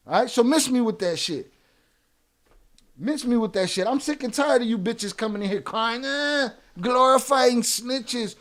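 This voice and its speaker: A streamer with a Chicago accent and a notably high-pitched voice. He moves between stumbling through legal documents and heated, profane tirades aimed at his chat. His delivery is confrontational and street-toned. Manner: slow halting reading of court documents. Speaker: streamer reacting to true crime. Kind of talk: live stream commentary.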